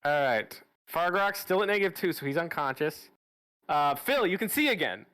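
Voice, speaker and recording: A man narrating as game master of a tabletop game, casual and halting, with restarts and fillers. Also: a little high, very animated, a bit bright, smooth, dry recording.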